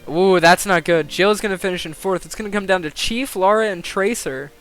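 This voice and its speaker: A young man commentating a game simulation on a live stream, excitable, swearing and thinking aloud. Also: high-pitched, a little fast, smooth, soft background music.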